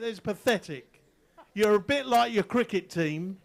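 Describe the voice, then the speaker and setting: Joking English announcer with a high voice. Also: male voice, expressive, measured pace, vocal fry. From England. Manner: joking, teasing the crowd. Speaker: event announcer. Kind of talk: live sports commentary over a PA. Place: outdoor water ski event.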